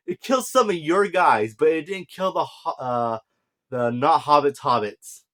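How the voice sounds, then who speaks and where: A man's voice: a little high, lively intonation, fairly bright tone. A man casually recapping and reviewing a TV episode, rambling with many fillers and self-corrections, and briefly acting out what the characters say. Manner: rambling, full of fillers and self-corrections, acts out lines in quick asides. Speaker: show reviewer.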